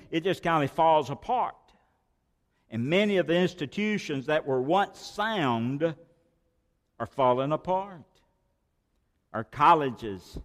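Slow, emphatic preacher man. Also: on the high side, in a large hall. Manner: emphatic, repeats key phrases. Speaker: pastor. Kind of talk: sermon.

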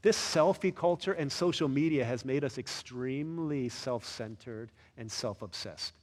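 A pastor preaching a sermon in a church, conversational and animated, often asking the listeners questions. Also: male voice, medium pitch, measured pace, long reverb tail.

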